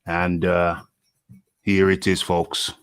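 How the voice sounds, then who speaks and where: A man opens a live boxing talk show, joking with his audience and bringing on a guest. His voice is low and he speaks slowly, with little rise and fall. The sound is dry and close. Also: completely flat delivery, vocal fry, smooth, dry recording. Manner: jokey, chatty, addresses the audience.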